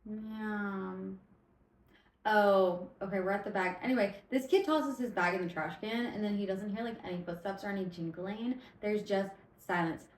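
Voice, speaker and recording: A woman hosting a casual storytelling podcast, tipsy from vodka, retelling stories in an animated, rambling way with swearing and stumbling self-corrections. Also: medium pitch, moderate pace, reverberant, poor audio. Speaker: podcast host.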